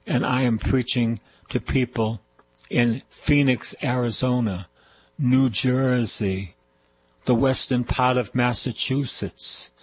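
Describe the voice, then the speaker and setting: An older man with a broad Boston accent delivers a radio sermon at an unhurried, deliberate pace. He hammers his points home through repetition, exhorting the listener with firm emphasis. His voice sits at an ordinary middle pitch. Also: fairly even intonation, breathy edge, poor audio. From Boston, USA. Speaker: priest, radio preacher.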